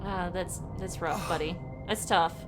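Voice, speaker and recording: A woman streamer reacting to a video game in an animated, emotional way with loud outbursts. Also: lowish voice, unhurried, over music.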